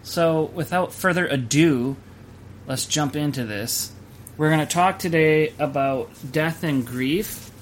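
A man's voice: a little high, slow pace, slight background noise. A man hosting a casual podcast chat, rambling and joking loosely. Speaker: podcast host.

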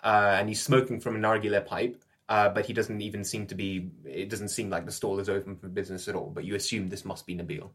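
A man's voice: fairly low pitch, little pitch movement, fast, hardly any pauses, a bit bright. A man running a tabletop role-playing game as game master, narrating in a rambling way with frequent laughs. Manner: rambling, laughs often, restarts sentences.

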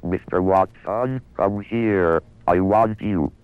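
An early speech-synthesizing computer with a male-sounding, flat, monotonous electronic voice, played from an old archival demonstration film. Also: deep voice, smooth, no room sound. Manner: slow, evenly stressed delivery, sometimes sung. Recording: dull lo-fi archival film audio with faint music.

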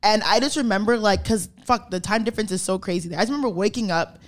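A woman's voice: mid-range voice, fast talker. A woman co-hosting a podcast, telling stories in casual chat, acting out quotes and swearing freely. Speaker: podcast co-host.

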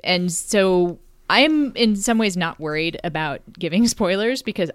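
A middle-aged woman co-hosting a casual podcast, with wry, deadpan humor and playful rhetorical questions. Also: fairly low pitch, a little slow, no room sound. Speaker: podcast co-host.

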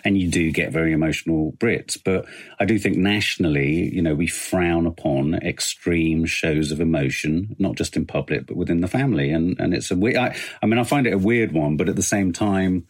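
A man's voice: low-pitched, moderate pace, few pauses. A middle-aged British man co-hosting a podcast, musing thoughtfully in casual chat. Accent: British English. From Britain. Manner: thoughtful, musing, with many fillers. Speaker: podcast co-host.

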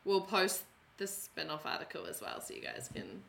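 A young woman chats on her podcast, her voice bright and clear. Her pitch swings freely as she rambles through stories with lots of "like" fillers. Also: big pitch swings, normal speed, slight background noise. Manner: rambling, heavy use of "like" fillers. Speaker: podcast co-host. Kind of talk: casual chat.

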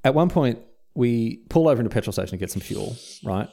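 A man's voice: mid-range voice, animated, quick pace, gravelly, warm tone. An Australian man co-hosting a podcast, telling a rambling story in casual chat and acting out the dialogue. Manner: rambling, self-interrupting, acts out quoted dialogue. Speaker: podcast co-host.

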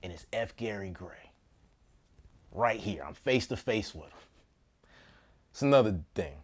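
A man who works as an actor, telling a story from his own life in a casual, comedic way. He laughs often and jumps between loud bursts and hushed asides. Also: lowish voice, expressive, a little slow.

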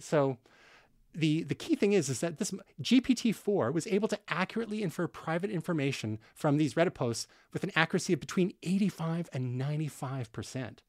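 A man's voice: on the high side, dry recording, clean studio sound. A man from Canada co-hosting a tech podcast, explaining news in a casual, conversational way with fillers and restarts. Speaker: podcast co-host.

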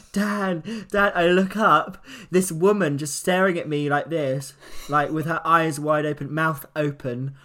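A man, co-hosting a casual podcast chat and telling a funny story animatedly, laughing as he goes. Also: a little high. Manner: animated, laughs through his story, acts out quoted lines. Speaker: podcast co-host.

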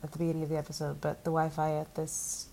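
A woman's voice: low voice, completely flat delivery, fast talker, vocal fry, mellow, slight background noise. A woman with a stuffy nose chatting as a podcast co-host over a video call, acting out quotes and laughing. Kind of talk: casual chat. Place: resort room.

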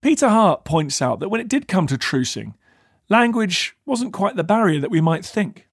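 A man, the podcast host, reading scripted narration in a crisp, expressive delivery. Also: high-pitched, moderate pace, dry recording, clean studio sound.

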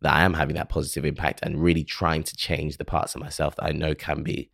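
A man's voice: very deep voice, level tone, fast, vocal fry, a bit bright, no room sound, studio quality. A man hosting a podcast, speaking alone in an earnest, reflective and openly emotional way. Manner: earnest, emotional, self-questioning. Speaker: podcast host. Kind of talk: reflective solo monologue.

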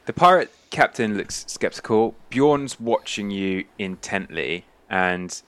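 Low-voiced game master. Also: male voice, lively intonation, takes it slowly, a bit bright, clear, resonant tone, no echo. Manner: loose, rambling, full of fillers. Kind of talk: narrating a tabletop game.

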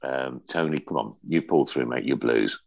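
A man's voice: a bass voice, moderate pace, creaky. A man co-hosting a casual football chat show, teasing the others and laughing through the banter. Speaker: co-host.

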